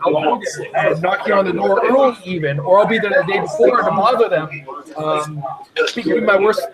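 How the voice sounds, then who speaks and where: A man with a high voice talks fast and eagerly, drifting into long tangents and breaking into laughter. He sounds like a host in casual chat. A crowd keeps murmuring behind him the whole time. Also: poor audio. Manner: rambling, excitable, laughs often. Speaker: podcast host.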